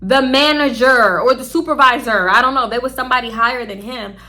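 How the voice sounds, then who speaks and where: Young woman vlogger, high bright voice, chatty storyteller who cusses and addresses viewers directly. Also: brisk. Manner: chatty, animated, swears freely, talks straight to viewers. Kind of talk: casual storytelling to camera.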